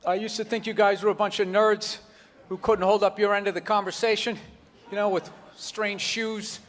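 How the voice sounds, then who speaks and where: Man, stand-up comedian, rambling animated delivery, high-pitched, echoey live club. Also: normal speed. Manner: rambling and animated, full of "you know" asides. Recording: live club recording with reverb and crowd.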